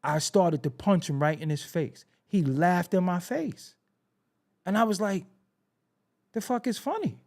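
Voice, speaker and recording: A man's voice: high-pitched, unhurried, vocal fry. A man with a New York accent hosting a podcast, telling a story in a casual monologue and acting out the dialogue with plenty of swearing. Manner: animated, acts out quoted dialogue, swears freely. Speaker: podcast host.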